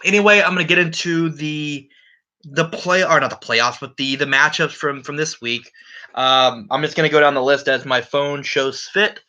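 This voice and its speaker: Male league commissioner, profane and teasing, piercing bright tone, dull lo-fi home mic. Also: a little high, steady tone, normal speed. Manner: brash, profane, ribbing league members. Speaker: fantasy football league commissioner. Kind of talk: casual solo podcast recap.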